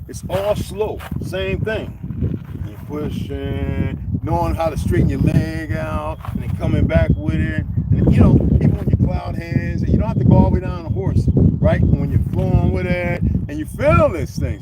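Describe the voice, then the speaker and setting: Man streaming live, swinging pitch a lot, profane, frequent laughs, slightly high voice, loud outdoor noise behind. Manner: profane, animated, laughs often. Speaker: livestreamer reading chat. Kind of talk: casual rambling monologue.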